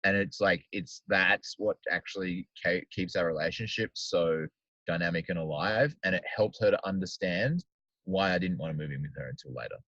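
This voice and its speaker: On his podcast, this host chats loosely and rambles, leaning heavily on "like." He has a deep, fairly bright voice at a moderate pace, with no echo, and the dull lo-fi recording sounds dry.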